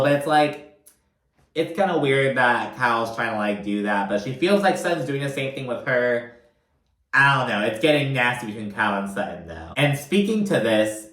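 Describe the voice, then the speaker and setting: A man's voice: medium pitch, fairly bright tone, reverberant. A young man hosting a casual reality TV recap, rambling with lots of fillers and frequent swearing. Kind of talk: casual profane commentary.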